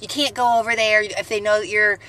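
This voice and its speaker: A woman's voice: medium pitch, fairly even intonation, fairly quick, pushed and bright, rough recording. A woman co-hosting a podcast, chatting casually and rambling through a story. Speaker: podcast co-host. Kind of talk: casual chat.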